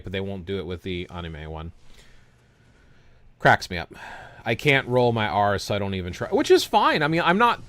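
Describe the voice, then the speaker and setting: A young man hosts a gaming livestream, chatting casually with viewers in a rambling style that keeps circling back on itself as he interrupts his own stories. His voice is fairly low in pitch with a fairly bright tone.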